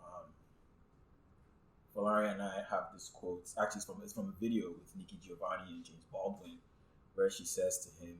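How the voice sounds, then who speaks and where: A man's voice: low voice, fairly even intonation, moderate pace, reverberant, low-quality recording. A man hosting a casual talk, enthusiastic and asking his guests questions. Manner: enthusiastic, laughs easily, asks questions. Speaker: podcast host. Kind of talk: casual chat.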